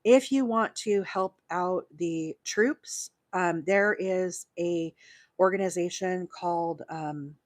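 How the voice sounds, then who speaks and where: A woman's voice: lowish voice, slow pace, dry recording, studio quality. A woman hosting a live crochet stream, chatting with many fillers and counting stitches aloud as she works. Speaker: crochet host.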